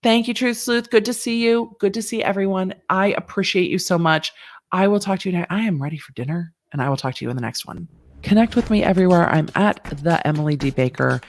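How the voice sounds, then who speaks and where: A woman lawyer hosts a relaxed livestream and talks straight to her viewers. She rambles, jokes and pleads playfully, and her pitch sits in an ordinary middle range. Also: brisk. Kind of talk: casual livestream chat.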